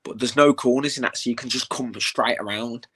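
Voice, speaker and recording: A young man in a casual interview, telling animated stories with plenty of swearing and "mate.". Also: medium pitch, brisk, breathy edge. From England. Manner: animated storytelling, swears, says "mate" a lot. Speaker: bare-knuckle fighter, interview guest.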